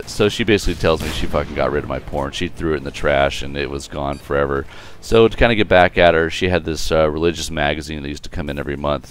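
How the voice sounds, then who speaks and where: A man's voice: very deep voice, clean tone, no echo. A young man telling a profane, rambling story casually over gameplay commentary, full of fillers. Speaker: gaming video creator.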